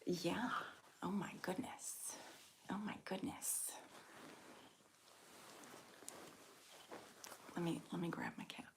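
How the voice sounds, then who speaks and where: A woman hosting a live ASMR stream, chatting with viewers in a soft, calm whisper with small laughs. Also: lowish voice, measured pace, vocal fry. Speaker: ASMR livestream host.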